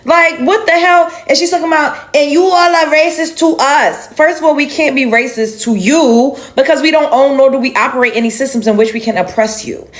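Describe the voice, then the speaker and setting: A woman's voice: sits high, fairly quick, few pauses. A woman giving an emphatic, indignant reaction commentary on a video clip, with exasperated sighs.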